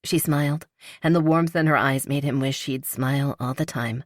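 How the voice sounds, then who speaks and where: A woman narrating a romance audiobook in a calm, even storytelling manner. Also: a bass voice, normal speed, no echo, studio quality. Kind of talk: scripted narration.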